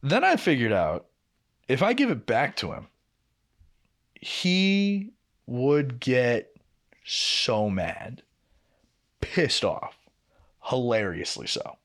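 A man's voice: medium pitch, very slow, long pauses. A young man co-hosting a podcast, casually telling a long work story, swearing often and acting out both sides of quoted arguments. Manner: profane, animated, acts out quoted exchanges. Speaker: podcast co-host.

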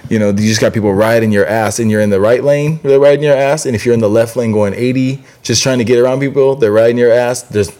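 A man's voice: medium pitch, steady tone, quick pace, hardly any pauses, a little mellow. Laid-back, profane male podcaster. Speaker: podcast co-host. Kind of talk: casual chat.

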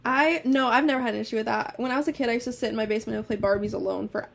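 A woman's voice: a little high, racing, creaky. Giggly, swearing young woman podcaster. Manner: giggly, swears a lot, animated storytelling. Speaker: podcast co-host. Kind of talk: casual chat.

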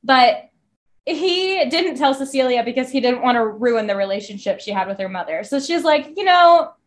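A young woman co-hosting a podcast, casually recapping a novel, animated and swearing freely as she acts out the characters' lines. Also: fairly high pitch, moderate pace. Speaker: podcast co-host. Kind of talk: casual book recap chat.

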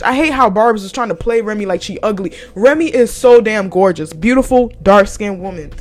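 A young woman hosts her podcast with a lively, swooping voice, pitched a little high for a woman. She swears freely and keeps breaking into laughter. Faint music plays underneath. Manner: profane, animated, laughs often. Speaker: podcast host. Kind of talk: casual chat.

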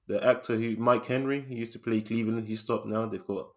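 A man talking films in a relaxed, chatty way, often breaking into laughs. His voice sits in an ordinary middle pitch. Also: brisk. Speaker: podcast co-host. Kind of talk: casual chat.

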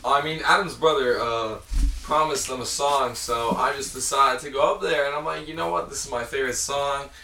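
A man's voice: medium pitch, normal speed, gravelly, sharp tone, distant mic, slight background noise. A man in his twenties chatting on a podcast, brash and boastful, swearing through playful trash talk. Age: 20s. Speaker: podcast co-host. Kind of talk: casual chat. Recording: roomy echo, off-mic.

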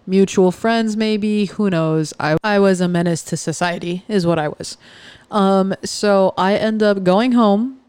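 A woman's voice: mid-range voice, a little slow, a little mellow, clean tone, dry recording. A woman hosting a podcast, telling a personal story in a chatty, joking way that often breaks off mid-sentence. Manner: chatty, joking, self-interrupting. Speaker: podcast host.

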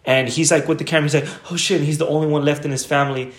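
Male podcast co-host, slightly high voice, swearing, animated casual storyteller. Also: rapid-fire, reverberant.

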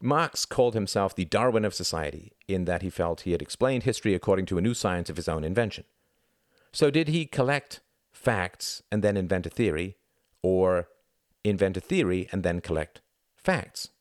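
A man's voice: low voice, expressive, normal speed, no room sound, clean studio sound. A man voicing a skeptical young male student who keeps questioning and pressing his point. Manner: questioning, insistent.

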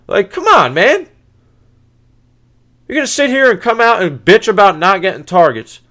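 A man hosts a sports podcast in a heated, profane rant. His pitch swings widely as he gets exasperated, and he stumbles and restarts his sentences. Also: big pitch swings, moderate pace, pushed and bright.

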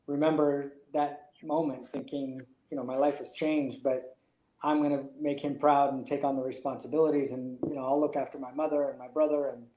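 A man's voice: mid-range voice, dark tone, echoey room, poor audio. A man, a jockey, telling his story in an interview in a reflective, emotional way. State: choked up. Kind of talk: interview answers.

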